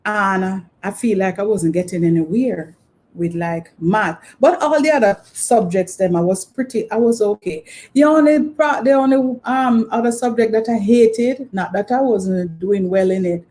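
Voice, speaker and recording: A middle-aged woman with a Jamaican accent talks in a casual, wandering way, circling back and filling gaps with "you know". Her voice is mellow and warm, at an ordinary pitch for a woman. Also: moderate pace. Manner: rambling, filler-heavy storytelling. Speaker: channel host. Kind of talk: casual reminiscing monologue.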